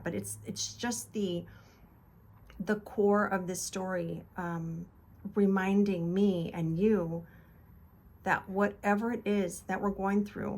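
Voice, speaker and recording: A woman hosting a casual devotional talk, earnest and encouraging, retelling scripture in loose conversational words. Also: mid-range voice. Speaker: devotional video host.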